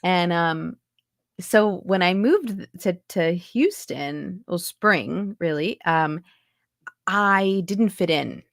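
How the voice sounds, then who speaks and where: This American accent coach, a woman in her forties from New York, is a guest in a casual video-call interview, her New York speech lightly tinged with Texas. She has a lowish, animated voice at a slow pace, says "like" constantly, and drops into voices to show them. Studio-quality audio, no room sound.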